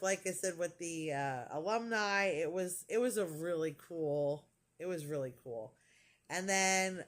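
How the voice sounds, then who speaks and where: A woman's voice: lowish voice, fairly bright tone. Gushing, rambling woman vlogger. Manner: gushing, rambling storytelling with many fillers. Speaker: crafting vlogger. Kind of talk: casual chat.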